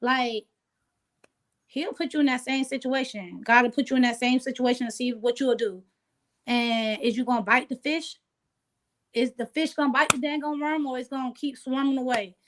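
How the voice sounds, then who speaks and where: A woman's voice: high voice, normal speed. Laid-back woman in a casual interview. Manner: relaxed, streetwise, keeps saying "you know what I'm saying". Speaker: interview guest.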